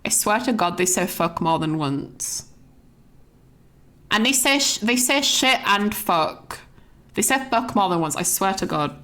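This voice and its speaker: A woman's voice: medium pitch, lively intonation, unhurried, a bit bright. A young woman streaming a casual, sweary, rambling movie rant full of "like"s.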